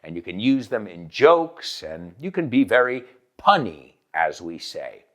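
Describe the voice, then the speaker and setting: This English teacher and host runs a playful, energetic lesson, moving between English and Spanish with an announcer-style delivery. He has a Northeastern US accent, and his voice sits on the low side at a measured pace.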